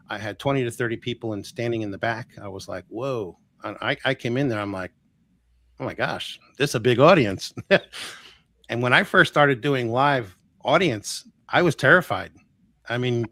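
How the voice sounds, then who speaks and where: A man in his sixties, an energy healer and guest on a live show, telling stories in a chatty, animated way full of quoted dialogue. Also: medium pitch, no room sound. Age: 60s. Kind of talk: casual storytelling on a live show.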